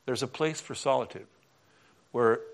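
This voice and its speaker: A man's voice: mid-range voice, moderate pace. A man preaching a sermon in a church, teaching in a conversational way and chatting with the congregation between points. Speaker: pastor.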